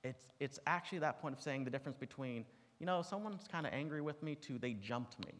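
A man delivers a sermon at a mid-range pitch, talking to his listeners in a relaxed, conversational teaching style with personal asides. His voice rings out with a long reverb from a large hall. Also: brisk. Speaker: preacher. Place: large room with an audience.

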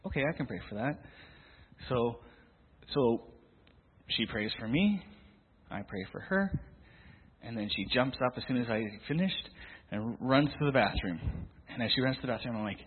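A middle-aged man shares a testimony from the church stage, breaking into acted-out quotes and restarting his sentences. His voice is husky. The sound is thin and phone-like, with a long hall echo. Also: medium pitch, moderate pace, pauses often. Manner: animated storyteller, acts out quotes, many restarts. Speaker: youth leader sharing a testimony in church. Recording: tinny, echoey hall recording.

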